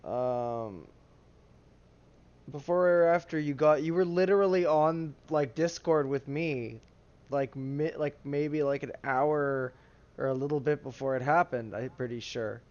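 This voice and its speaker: A man co-hosting a podcast in casual chat, blunt and quick to cut in, swearing often. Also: fairly high pitch, darkish tone, highs cut off. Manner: interrupting, blunt, profane. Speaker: podcast co-host.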